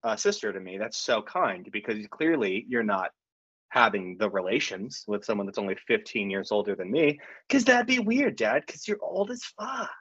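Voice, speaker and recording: A man's voice: fairly low pitch, animated, normal speed, a bit bright, breathy edge, no room sound, dull audio. A man doing a catty fake-sweet young woman.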